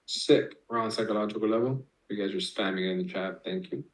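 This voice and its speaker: A man's voice: lowish voice, fast talker, rough recording. A man streaming live, talking a chat through chart setups and trade entries, swearing freely and calling out viewers. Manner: explains chart setups step by step. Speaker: trading streamer.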